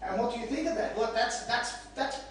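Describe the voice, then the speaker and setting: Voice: medium pitch, fairly quick, fairly bright tone, a little hiss or hum. An interviewer asking questions hesitantly, often restarting sentences. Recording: very echoey, from far off the mic.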